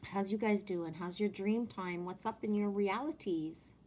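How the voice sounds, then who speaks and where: A relaxed, chatty woman with a French accent talks to her live-stream viewers, greeting them one by one. She pulls oracle cards and reads them aloud in a laid-back voice of middling pitch. A faint hum of ambient noise sits behind her. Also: unhurried. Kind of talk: casual live-stream chat and oracle card reading.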